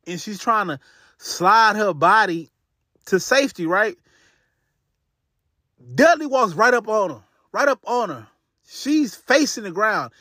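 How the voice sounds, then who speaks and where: Casual guy retelling a crime story, high lively voice, dry sound. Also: unhurried, pauses often, no room sound. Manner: casual, slangy, filler-heavy.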